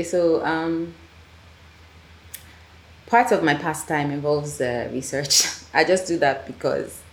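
A Nigerian woman, a filmmaker guest on a podcast, chatting casually and acting out the people she quotes. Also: sits low. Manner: animated storyteller, acts out quotes. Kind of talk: casual conversational interview. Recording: echoey room, faint ambient noise.

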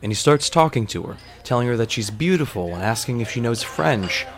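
A man's voice: medium pitch, expressive, a little fast, faint music behind. A man telling a story casually, rambling and digressive, with lots of fillers.

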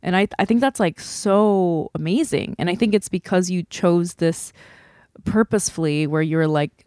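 A woman's voice: on the low side, moderate pace, a little mellow, clean tone, dry recording, clean studio sound. A woman hosting a podcast, talking earnestly and gushing, with a lot of "like" between words. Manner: earnest, gushing, heavy use of like. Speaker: podcast host. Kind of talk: casual podcast chat.

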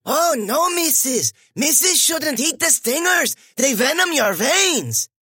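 A man voicing an excitable little female creature in an audiobook, squeaky and breathless, with broken grammar. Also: takes it slowly, no room sound, clean studio sound, exaggerated voice. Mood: earnest. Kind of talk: audiobook character voice.

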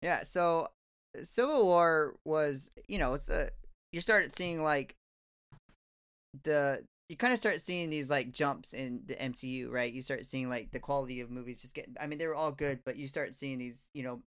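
A podcast co-host recapping a film in a relaxed, rambling way, leaning on fillers. The voice is smooth and clear at a middle pitch. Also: normal speed. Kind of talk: casual chat.

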